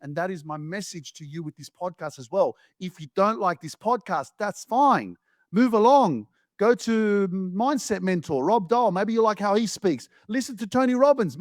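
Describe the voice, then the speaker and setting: A man's voice: sits high, dry recording, clean studio sound. A man hosting a motivational podcast, talking bluntly and emphatically, swearing freely. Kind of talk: motivational monologue.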